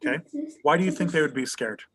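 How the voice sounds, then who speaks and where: With a slightly high, bright voice, lively intonation, and a fast pace, a male history teacher runs an online lecture over video call. He quizzes students often and keeps adding "right?" to his points.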